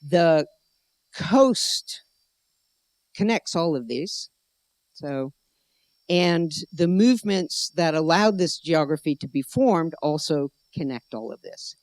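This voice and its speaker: A woman's voice: deep voice, lively intonation, slow pace, long pauses, darkish tone, no echo. Middle-aged American woman telling a meandering story. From United States. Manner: digressive, storytelling, searching for words. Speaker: anthropologist speaker. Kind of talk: conference talk. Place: gallery venue indoors.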